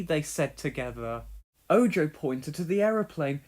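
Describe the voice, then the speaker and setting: A woman narrating a children's storybook aloud with expressive storytelling. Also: sits low, normal speed. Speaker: storybook reader.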